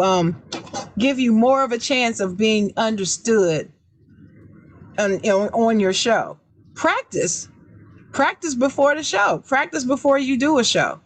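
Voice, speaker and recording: Woman podcast host, loud raised voice, emphatic, highish pitch, dry close sound. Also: no room sound. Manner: emphatic, repeats key words; deliberately raised, loud speaking voice. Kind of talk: casual advice chat.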